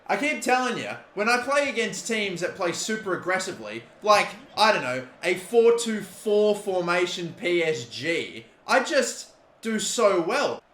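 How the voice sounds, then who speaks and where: A young man with an Australian accent, giving live gameplay commentary, excitable and swearing, shouting at big moments. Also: high-pitched, a little slow, reverberant. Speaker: gaming YouTuber.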